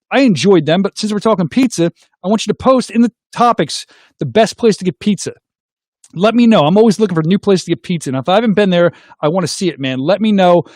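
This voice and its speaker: Casting note: goofball male call-in host, quick and high. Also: dry recording, clean studio sound. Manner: goofy, excitable, makes silly sound effects. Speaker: host of a call-in livestream show. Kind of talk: casual call-in chat.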